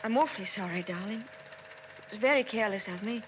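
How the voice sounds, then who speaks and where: A young actress playing a shy, timid wife who stammers and apologizes in a 1940s film. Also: female voice, medium pitch, fairly quick, natural voice. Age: young adult. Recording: hissy, dull 1940s film soundtrack.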